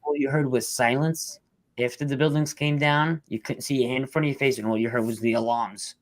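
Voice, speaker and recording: A middle-aged man, a rescue worker telling his story in an interview, blunt and halting, fighting back tears. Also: medium pitch, fairly even intonation, dry recording. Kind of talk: emotional storytelling.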